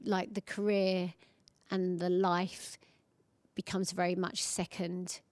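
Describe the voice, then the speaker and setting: A woman in her forties, an interview guest, chatting warmly and acting out quoted voices in her stories. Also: fairly low pitch, flat delivery, slow pace, dry recording. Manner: chatty, warm storytelling, acts out quoted voices. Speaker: guest, singer. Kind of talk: casual interview chat.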